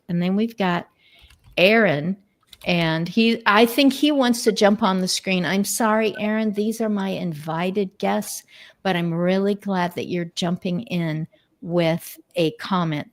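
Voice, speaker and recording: A woman hosts a live-streamed interview over a video call. Her voice sits low, and she talks slowly and unhurriedly. She rambles and searches for her words, filling the pauses with ums. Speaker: host.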